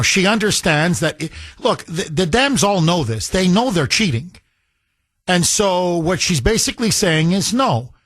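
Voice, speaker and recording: A man with a high-pitched voice hosts a call-in radio show. He talks emphatically and rambles through asides. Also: a bit bright. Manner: emphatic, rambling, laughs at his producer. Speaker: radio talk show host. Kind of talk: political call-in radio talk.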